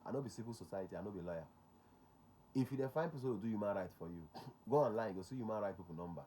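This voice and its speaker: A man's voice: fairly low pitch, expressive, rapid-fire, mellow, a little hiss or hum. A man with a Nigerian accent, a security consultant hosting a talk show. He speaks emphatically, repeats his key points and slips into Pidgin.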